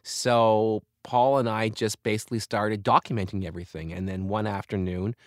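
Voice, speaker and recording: Guest spot: older man, low voice, reflective storyteller, dry close-mic sound. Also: fairly even intonation, normal speed, dry recording. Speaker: comedian and author, guest. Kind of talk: conversational interview.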